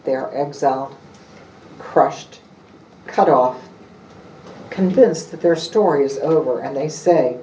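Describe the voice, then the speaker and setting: A preacher gives a sermon in slow, deliberate phrases, each line set apart with a pause. The voice is mellow and unhurried. It was picked up from some distance in a reverberant worship hall, with a faint hum of the room behind it. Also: mid-range voice. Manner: slow, measured delivery in short phrases. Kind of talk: sermon with scripture reading.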